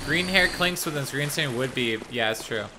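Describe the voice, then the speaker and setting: A man's voice: medium pitch, lively intonation, moderate pace, background noise. A man streaming a game live, casually chatting and teasing his chat. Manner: playful, teasing, reads chat aloud.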